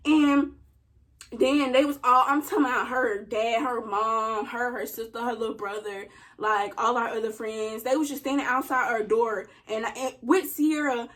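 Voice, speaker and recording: A young woman with a high, light voice tells a story in casual chat. She is animated and often breaks into laughter while acting out quotes. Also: moderate pace. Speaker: co-host telling a story.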